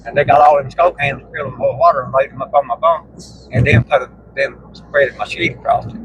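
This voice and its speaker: A man with a drawl rambles through salty, laugh-filled stories from the seat of a moving vehicle. His voice sits a little higher than most men's, and steady road noise rumbles behind him. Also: fast, highs cut off. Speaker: storyteller in conversation. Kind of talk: casual storytelling.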